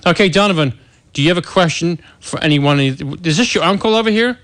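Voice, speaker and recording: A man's voice: sits high, animated, a little fast, fairly bright tone. A man hosting a radio talk show, upbeat and encouraging with callers. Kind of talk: casual radio chat.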